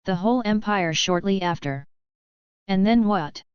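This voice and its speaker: A woman voicing a calm, unshakable male alien tactician, speaking measured and even. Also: mid-range voice, smooth, no echo, highs cut off, close to an everyday voice.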